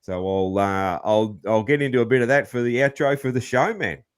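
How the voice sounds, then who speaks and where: A man's voice: mid-range voice, fairly quick, smooth. A man hosting a podcast, chatting in a laid-back way and laughing often. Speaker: podcast host. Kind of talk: casual interview chat.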